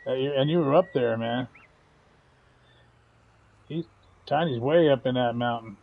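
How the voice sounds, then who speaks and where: A man's voice: medium pitch, unhurried, gravelly. Folksy guy chatting through a farming game, laughs a lot, kinda dull lo-fi mic. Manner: folksy, chatty, chuckles often. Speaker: gaming channel host. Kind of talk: casual gameplay commentary.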